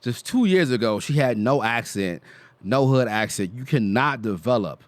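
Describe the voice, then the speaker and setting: A man's voice: medium pitch, animated, normal speed, dry recording. A man hosting reaction commentary, talking bluntly and profanely and interjecting often. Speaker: host.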